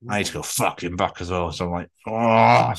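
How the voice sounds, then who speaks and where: A man's voice: sits low, quick pace. A man co-hosting a podcast, joking and swearing in casual chat, with frequent laughs. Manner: sweary, jokey, lively, bursts of laughter. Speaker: podcast co-host.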